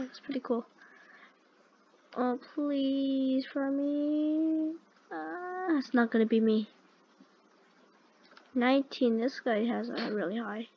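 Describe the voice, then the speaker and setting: A woman hosting a gaming video, talking through each move aloud and easily alarmed, often repeating "no, no, no" in quick streams. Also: on the high side, slightly rough, dull audio. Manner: chatty, talks through every move aloud. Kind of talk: let's-play game commentary.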